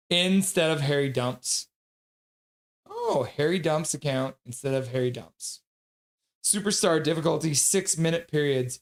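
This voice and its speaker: A man from Calgary hosting a casual live stream, reading out viewers' chat messages in a jokey way and laughing often. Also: a little high. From Calgary, Canada.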